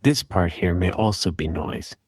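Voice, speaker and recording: A man calmly and methodically walking through an audio repair tutorial in voice-over. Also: deep voice, normal speed, breathy edge, dry recording, clean studio sound. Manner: calm, methodical explaining. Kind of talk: screen-recorded software tutorial.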